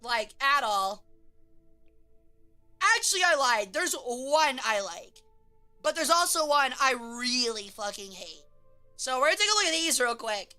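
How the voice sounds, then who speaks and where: A young woman streamer chatting casually, swearing, laughing and breaking into loud silly voices. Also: sits high, sing-song, unhurried, long pauses, clean tone, faint music behind.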